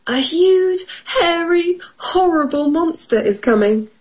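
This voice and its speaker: A woman's voice: extremely high pitch, expressive, slow, pitched above the performer's own voice, full character voice. A woman voicing a jumpy rabbit in a children's story, alarmed and exclaiming.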